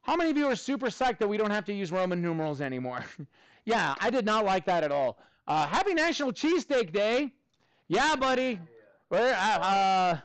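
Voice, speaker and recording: A male math teacher with a notably high voice, recorded dry and close with almost no room sound. He runs his classroom in an upbeat, chatty way, slipping jokey asides in between the lesson steps. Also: sing-song, brisk, fairly bright tone, dry recording.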